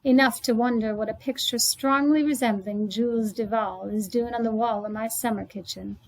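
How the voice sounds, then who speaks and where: A scornful landlady with a biting, loud delivery snaps and sneers through her lines in a storybook reading, as a woman puts her on. The voice sits on the high side and carries a mocking drawl. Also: steady tone, normal speed, low-quality recording. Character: sharp-tongued scornful woman landlady, Irish. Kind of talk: read-aloud storybook.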